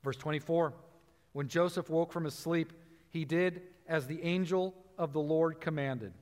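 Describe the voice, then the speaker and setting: Guy preaching a sermon, kinda high voice, big hall echo, leans hard on key words. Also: a little mellow. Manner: teaching, emphatic with slow stressed phrases. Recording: long hall reverb.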